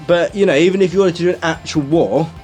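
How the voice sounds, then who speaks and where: A man's voice: a little high, fast talker, a little mellow, soft background music. A man co-hosting a comedy podcast, reading out a plan and then bantering and swearing with his friends. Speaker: podcast co-host. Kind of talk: casual comedic chat.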